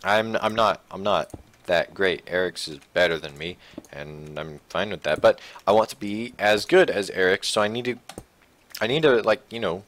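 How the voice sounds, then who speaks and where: A young man with a fairly low voice chats loosely as he plays a building game at his computer, trailing off and restarting his sentences. He mostly stays low-key, then jumps up in pitch when something surprises him. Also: moderate pace. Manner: rambling, self-correcting, low-key with sudden excited outbursts. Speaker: gaming channel host. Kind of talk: casual Minecraft let's play commentary.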